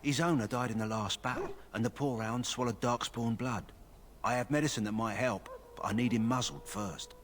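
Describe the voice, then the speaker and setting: A calm, practical kennel master with a London accent, voiced by a man in a fantasy video game. He explains things in a steady, matter-of-fact way, over faint background noise. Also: medium pitch, normal speed, lightly acted. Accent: London English.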